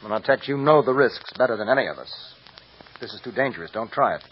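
A man playing a quick, lively lawyer. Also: mid-range voice, lightly acted. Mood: steady. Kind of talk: 1950s radio drama acting. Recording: muffled old radio recording with hiss.

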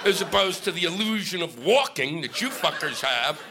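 A man's voice: fairly high pitch, expressive, normal speed, background noise. A middle-aged male stand-up comic on stage, ranting in a sarcastic, profane way. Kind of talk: stand-up comedy set. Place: comedy stage before a live audience.

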